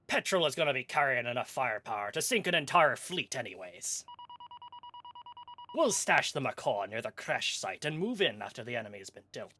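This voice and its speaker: Man doing a loud, brash raider captain. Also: mid-range voice, slight background noise. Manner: loud, upbeat briefing with half-hearted pirate talk. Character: brash raider crew captain with pirate slang. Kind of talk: voicing game dialogue on a stream.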